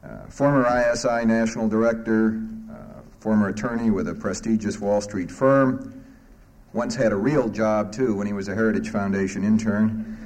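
A male moderator introduces a speaker at a conference, halting and anecdotal, with frequent filler pauses. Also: fairly low pitch, fairly even intonation, darkish tone.

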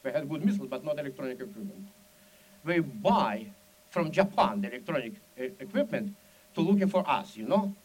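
A man's voice: medium pitch, animated, brisk, slightly rough, rough recording. A Soviet émigré man with a heavy Russian accent and broken English, speaking urgently and emphatically as a dissident. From Soviet Union. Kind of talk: impassioned speech.

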